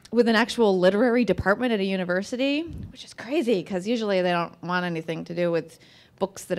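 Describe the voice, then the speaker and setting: An American woman author talking casually to an audience, chatty and self-deprecating, with lots of fillers and restarts. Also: medium pitch. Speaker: author giving a talk. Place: museum event room.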